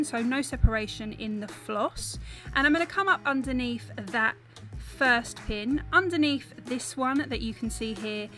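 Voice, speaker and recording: A woman's voice: fairly high pitch, pushed and bright. A young woman with a South East London accent, talking through an embroidery tutorial step by step in a chatty, apologetic way. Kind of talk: voice-over tutorial narration.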